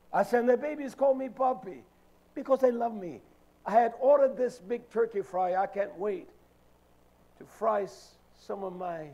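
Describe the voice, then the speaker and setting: A man's voice: high-pitched, mellow, rough recording. A man preaching a sermon with an emphatic, repetitive cadence.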